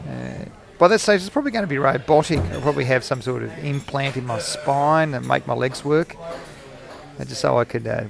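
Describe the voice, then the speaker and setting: A man's voice: medium pitch, vocal fry. A man in his forties, hosting a rambling, jokey, self-mocking solo podcast recorded in a cafe. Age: 40s. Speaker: podcast host.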